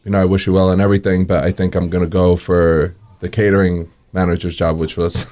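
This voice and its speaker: A low-voiced man, a restaurant owner who is a guest on an interview. He relaxes into long anecdotes, acts out the quoted dialogue and chuckles as he goes. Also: level tone, fast talker, darkish tone. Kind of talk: casual storytelling in an interview.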